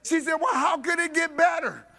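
A man preaching a sermon, telling a story with animated voices for each person and laughing along. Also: very high-pitched, moderate pace, creaky.

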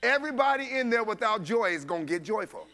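A man preaching a sermon, telling a story with animated voices for each person and laughing along. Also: sits high, fast.

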